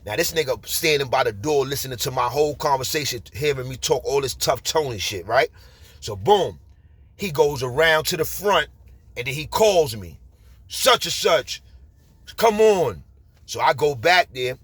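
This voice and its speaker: A man in his forties with a New York accent, telling street stories in a casual, animated way. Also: medium pitch, normal speed, breathy edge, dry recording. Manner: streetwise, animated, repeats "you heard?". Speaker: storyteller. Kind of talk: casual storytelling.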